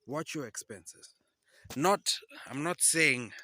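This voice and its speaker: Bright, emphatic man vlogging on foot. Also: medium pitch, measured pace, long pauses. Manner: upbeat, emphatic, repeats key advice. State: slightly out of breath from walking. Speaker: farming vlogger. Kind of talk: casual instructional vlog.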